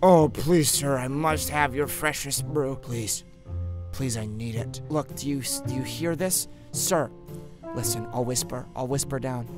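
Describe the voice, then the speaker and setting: A man voicing a frog customer who begs for coffee in a low, slow, hushed voice. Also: music in the background, natural voice. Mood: pleading.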